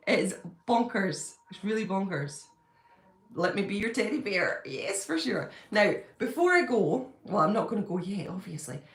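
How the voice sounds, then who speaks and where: A woman chatting on a home live stream, bubbly and quick to gush and laugh. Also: mid-range voice. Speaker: livestreaming fan-channel host. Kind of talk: casual live-stream chat. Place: at home, indoors. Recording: echoey room.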